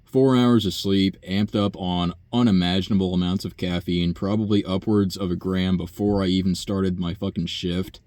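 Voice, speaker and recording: A man's voice: sits low, steady tone, moderate pace, hardly any pauses, darkish tone, dry recording. A young man, a nursing home worker, telling a long profane story in a rambling, sighing way. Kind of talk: casual rant monologue.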